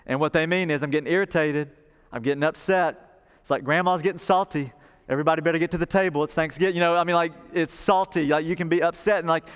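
A man preaching a sermon, retelling a story with lively asides and quick quoted voices. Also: fairly high pitch, clean tone. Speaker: pastor. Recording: long reverb of a large hall.

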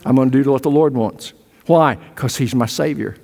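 An older male pastor preaching a sermon, swinging from loud emphatic peaks to hushed low storytelling. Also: moderate pace, gravelly. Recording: long hall reverb.

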